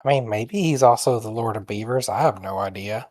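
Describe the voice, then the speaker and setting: A man's voice: on the low side, fairly quick, darkish tone. A man playing a tabletop game, speaking in character, hesitant and full of fillers. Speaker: player. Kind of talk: casual tabletop play and in-character talk.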